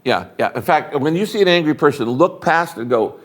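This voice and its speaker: This older man, a pastor on his way to retirement, speaks as an interview guest in a slightly high voice, briskly and with hardly any pauses. Preacherly, emphatic and lively, he stages little dialogues mid-story.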